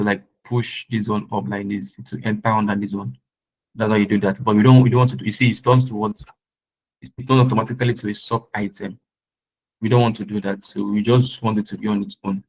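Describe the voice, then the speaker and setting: A man with a fairly low voice leads a live web design lesson. He repeats his points patiently and keeps asking his students if they are following. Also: muffled recording. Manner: checks often whether students follow. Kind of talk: live screen-share tutorial.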